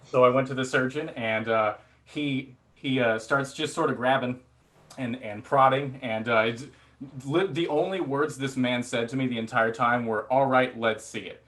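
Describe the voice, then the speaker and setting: A man's voice: medium pitch, moderate pace, fairly bright tone. A man doing stand-up comedy, telling a rambling, self-deprecating story full of fillers, restarts and acted-out quotes. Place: theatre stage before a laughing audience.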